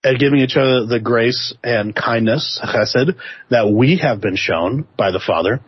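Husky, animated man talking faith. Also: medium pitch, a little slow, no echo, muffled recording. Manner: animated, jokey, quotes others in voices. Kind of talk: casual faith discussion.

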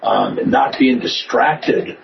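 A man joining a casual faith discussion as a guest, halting and restarting often, rising in pitch when earnest. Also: gravelly, muffled recording, background noise.

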